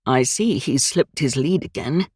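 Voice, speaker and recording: A woman voicing a courteous young lord who speaks in a measured way. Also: a bass voice, a little mellow, breathy edge, no room sound, clean studio sound, pitched below the performer's own voice, full character voice.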